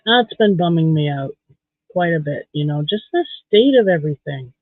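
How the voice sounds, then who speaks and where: A man's voice: a little high, expressive, moderate pace, no room sound. Blunt man on a tinny, phone-like stream. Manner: blunt, candid opinions. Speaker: livestream host. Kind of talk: casual livestream chat while beading. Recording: tinny phone-like dry sound.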